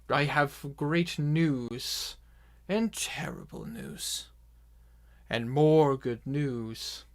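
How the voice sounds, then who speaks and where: A man voicing a pompous male orc herald who addresses a crowd in slow, drawn-out proclamations. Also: mid-range voice.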